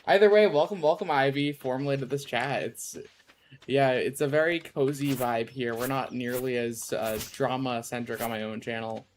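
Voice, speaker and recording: A man's voice: medium pitch, normal speed, a little hiss or hum. Rambling man streaming a farm game. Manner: rambling, self-interrupting, goofy asides. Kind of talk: casual chat while gaming.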